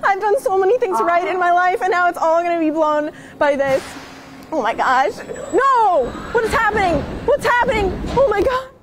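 A woman's voice: extremely high pitch, lively intonation, normal speed. A young woman in her twenties, a TV reporter giving a giddy, breathless live report at an outdoor amusement park. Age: 20s. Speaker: TV news reporter. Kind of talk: excited live report from a roller coaster. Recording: outdoor park noise behind the voice.

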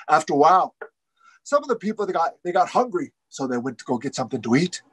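A male storyteller with a fairly high voice, telling a traditional tale in rhythmic, repeating phrases. The sound is dry and close, with no room around it. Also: animated, fast, a bit bright, no echo, faint music behind, low-quality recording. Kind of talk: oral storytelling.

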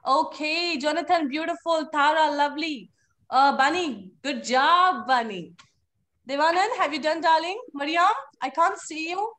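A woman's voice: sits high, unhurried, sharp tone. A woman teaching a live online phonics class to young children, encouraging and playful in a sing-song way.

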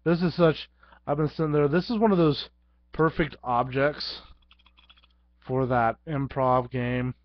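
A man's voice: medium pitch, steady tone, a little slow, long pauses, dry recording. A man casually showing off a toy to the camera at home, joking and making sound effects. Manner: goofy, playful, sound effects. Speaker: vlogger. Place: home, at his computer. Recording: dull lo-fi, dry sound.

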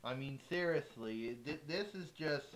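Brief: male hobby wrestling announcer, unhurried and halting, slightly high voice, music loud underneath. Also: background noise. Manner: stumbling, restarts words, gets excited. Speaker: wrestling commentator. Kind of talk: amateur play-by-play commentary.

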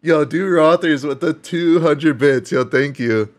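Excitable, cursing young-sounding man streamer. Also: fairly high pitch, a little slow. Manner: excitable, swears a lot, laughs and gushes. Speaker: scam-baiting streamer. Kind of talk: casual streamed prank call.

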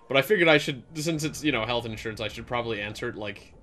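A man's voice: medium pitch, fairly even intonation, quick pace, pushed and bright. A man hosting a let's play, chatting casually while he plays and rambling through stories with lots of fillers. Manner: rambling, filler-heavy storytelling. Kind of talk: casual gameplay chat.

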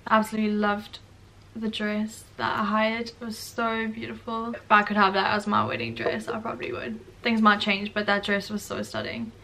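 A woman's voice: medium pitch, little pitch movement, moderate pace, sharp tone, recorded from a distance, a little hiss or hum. A young woman from South Africa with a South African accent, chatting casually and self-mockingly in a vlog, laughing often. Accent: South African English. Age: young adult. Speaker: vlogger.

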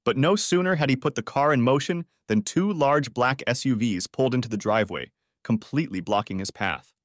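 A man's voice: medium pitch, a little fast, dry recording. A man narrating a dramatic audiobook story in a scripted reading, on a close studio mic.

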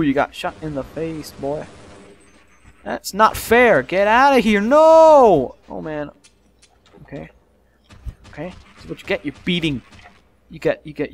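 A young man giving casual let's play commentary, swearing and yelling in frustration as he plays. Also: a little high, a little hiss or hum.

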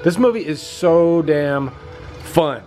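Excited middle-aged man, raised voice. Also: fairly high pitch, takes it slowly, soft background music. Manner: enthusiastic, loose, swears freely. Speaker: vlogger. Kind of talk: casual movie reaction commentary.

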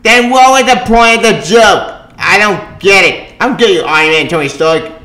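A man's voice: sits high, moderate pace, pushed and bright. A man reviewing a comic book in a casual, rambling, sarcastic way, with many restarts and asides. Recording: roomy echo.

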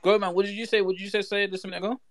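A man on a casual banter show, teasing the others and laughing excitably. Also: high-pitched, rapid-fire, a crowd in the background.

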